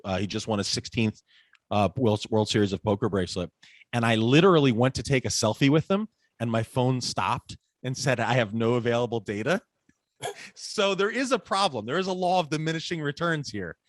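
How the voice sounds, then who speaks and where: A man in his forties, a podcast guest, chatting casually and telling animated stories that act out the people in them. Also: medium pitch, a little fast, no room sound, studio quality. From United States. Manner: animated storyteller, acts out quoted voices. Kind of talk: casual interview conversation.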